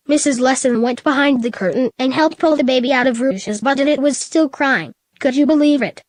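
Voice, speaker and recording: Tts lady narrating a story, high voice, dry, robotic flat. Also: fairly quick, few pauses, no echo. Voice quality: synthetic, flat text-to-speech reading.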